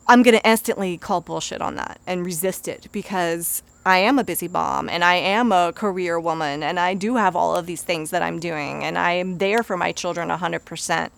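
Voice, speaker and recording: A woman's voice: fairly low pitch, normal speed, gravelly, hardly any pauses, no room sound. A woman, a busy mother in her thirties, giving earnest, conversational self-help advice as a life coach. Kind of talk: motivational self-help talk.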